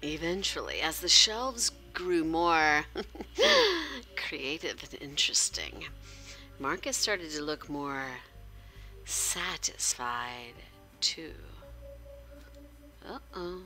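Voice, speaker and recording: Bright, low-voiced woman streamer reading a story game. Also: animated, slow pace, soft background music. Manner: joking asides, dry and playful.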